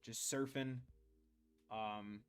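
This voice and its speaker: A man's voice: fairly low pitch, steady tone, drawn-out words, clear, resonant tone, faint music behind. A man casually streaming and reading through a dating game aloud, playful and jokey. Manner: playful, jokey, laughs often.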